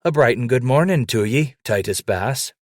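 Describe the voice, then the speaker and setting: A man voicing an old white-bearded mountain man who speaks in a loud, cheerful, folksy frontier drawl and quotes scripture. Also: unhurried, dry recording, clean studio sound, natural voice. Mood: jovial. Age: older. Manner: booming folksy frontier drawl, Bible-quoting.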